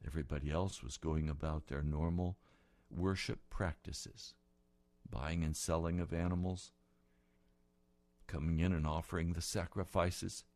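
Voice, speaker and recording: A man preaching a sermon, retelling scripture dramatically and building to loud, passionate peaks. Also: deep voice, steady tone, unhurried, dry recording.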